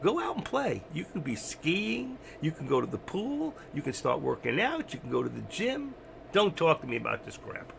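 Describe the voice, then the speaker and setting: A man's voice: fairly high pitch, wildly swooping pitch, normal speed, vocal fry, fairly bright tone, slight background noise, full character voice. A man voicing God as an amused, scolding heavenly father who lectures in a mocking tone.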